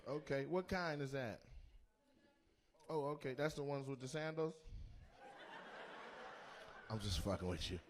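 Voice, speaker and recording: A man doing stand-up crowd work in a comedy club, loud and teasing, and slipping into playful mock voices. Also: mid-range voice, animated, a little slow, pauses often, background noise. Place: comedy club stage before a live audience.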